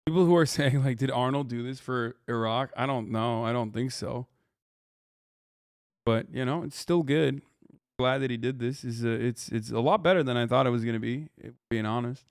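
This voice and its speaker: A man's voice: medium pitch, normal speed, dry recording, studio quality. A man hosting a live stream, reacting in casual, offhand commentary and swearing freely. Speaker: streamer host.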